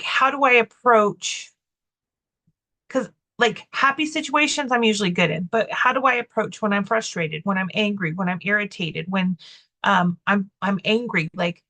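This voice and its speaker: This woman, co-hosting a podcast, speaks in a mid-range voice with a sharp tone. She chats casually through a personal story, rambling, restarting, and filling gaps, while staying candid and self-deprecating.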